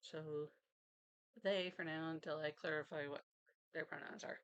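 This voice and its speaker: Casting: woman vlogger, slightly low voice, casual rambling chat at home desk. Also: steady tone, normal speed, clean tone. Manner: chatty, rambling, laughs often.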